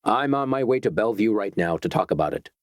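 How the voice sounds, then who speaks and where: A man's voice: on the low side, lively intonation, fast talker, dry recording, studio quality, close to an everyday voice. A man reading a novel aloud, voicing a determined doctor who speaks firmly and urgently. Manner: firm, urgent. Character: determined, desperate male doctor.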